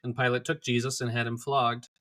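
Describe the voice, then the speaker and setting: A man reading scripture aloud in a steady, clear manner. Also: mid-range voice, fairly quick. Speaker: scripture reader.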